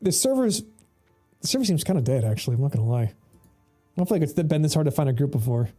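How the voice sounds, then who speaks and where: A man's voice: on the high side, sing-song, fast talker, mellow. A man giving casual, rambling gameplay commentary as a streamer, swearing freely and laughing often, with faint music behind him. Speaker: game streamer.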